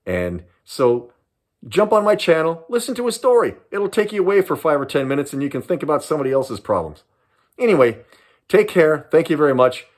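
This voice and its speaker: Older guy from socal telling a story to camera, lively up-and-down voice, keeps repeating himself and saying man. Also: a little high, brisk. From Southern California. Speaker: retired police sergeant telling stories.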